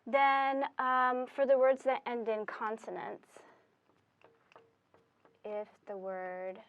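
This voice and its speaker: A woman's voice: on the high side, little pitch movement, lo-fi sound. A woman teaching Spanish, explaining step by step with fillers as she writes on a board. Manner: slow, deliberate explaining with fillers. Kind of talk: classroom explanation at a whiteboard.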